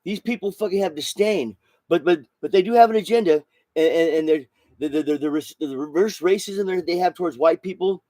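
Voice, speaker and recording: A man ranting on his own podcast, his voice sitting a little higher than most men's. He rambles and circles back, full of restarts and profanity. The sound is dry and close, with no room around it. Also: a little fast, dark tone, no room sound. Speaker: podcast host. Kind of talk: solo podcast rant.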